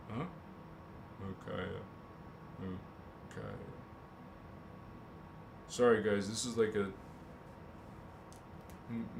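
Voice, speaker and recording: Guy on a spiritual livestream, super slow, thinking out loud and cussing, echoey room. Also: mid-range voice, gravelly, noisy background. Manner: slow, drawn-out, musing aloud, joking and swearing. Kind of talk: rambling livestream chat.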